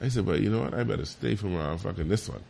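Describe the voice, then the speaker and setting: A man telling a story in casual chat, animated and profane. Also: racing, gravelly, slight background noise. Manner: animated, profane, jumps high when quoting. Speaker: podcast co-host.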